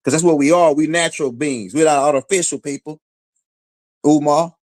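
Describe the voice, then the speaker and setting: A man's voice: fairly high pitch, fairly even intonation, moderate pace. A man giving a casual, slangy commentary monologue, challenging his target with repeated rhetorical questions. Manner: casual slangy speech with fillers. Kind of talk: direct-address commentary monologue.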